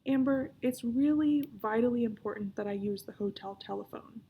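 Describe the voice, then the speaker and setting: A woman's voice: fairly high pitch, normal speed, warm tone, slight background noise, lightly acted, low-quality recording. A woman reading as Herbie, a cheeky young boy. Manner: cheeky, mock-solemn. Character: cheeky young boy, hotel lost-and-founder.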